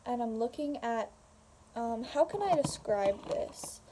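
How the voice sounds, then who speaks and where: A woman's voice: a little high, lively intonation, slow pace, dark tone. A young woman casually telling a story to camera at home, rambling with fillers and swearing. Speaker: vlogger. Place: home room.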